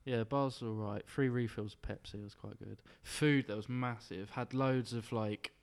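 A man's voice: medium pitch, fairly even intonation, normal speed, creaky. A young man chatting casually on a podcast, rambling through stories and laughing often. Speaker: podcast host. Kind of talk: casual chat among friends.

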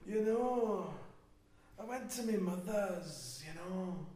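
A man putting on a Scottish accent, voicing a chatty man in a drawn-out, singsong way. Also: sits high, lively intonation, dark tone, voice pushed up. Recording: echoey room with noise.

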